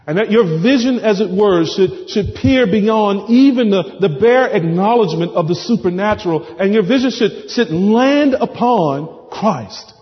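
A man preaching a sermon with fervent, swelling delivery that drops to hushed pleading and prayer. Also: sits high. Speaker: pastor. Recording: dull sound with long hall reverb.

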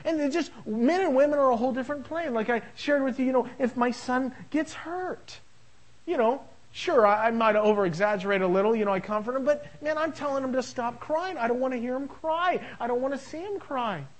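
Preaching on a roughly recorded sermon, this middle-aged pastor speaks fairly quickly in an extremely high voice. His style is anecdotal and humorous, full of family stories in which he plays out both parties' dialogue.

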